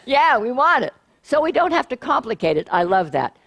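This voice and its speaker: A middle-aged woman minister giving a sermon, playful and animated, often asking the congregation questions. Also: on the high side, brisk.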